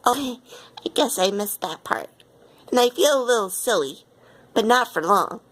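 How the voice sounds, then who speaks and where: A woman reading a children's picture book aloud in an expressive way. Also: a little high, moderate pace. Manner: expressive, with lively quoted lines. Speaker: storyteller.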